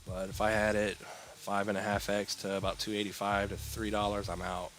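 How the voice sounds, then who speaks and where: A man with a fairly low voice walks through price charts on a live stream in a loose, rambling way. He answers chat as it comes in, yawns between points, and has faint music playing under his talk. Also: moderate pace, poor audio. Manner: relaxed, rambling, yawning, reading chat aloud. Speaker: crypto livestream host. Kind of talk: casual live chart analysis.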